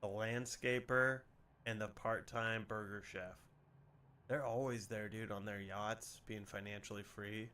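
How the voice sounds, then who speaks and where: A man's voice: on the low side, fairly even intonation, a little slow, sharp tone. A man streaming from home, talking in a sarcastic, rambling way and swearing freely. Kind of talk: casual stream chat.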